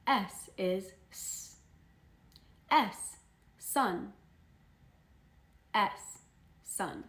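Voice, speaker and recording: A teenage girl teaching toddlers the alphabet, sounding out each letter and word slowly and cheerfully. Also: medium pitch, reverberant. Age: teens. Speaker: children's phonics teacher. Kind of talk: slow, deliberate phonics lesson for toddlers.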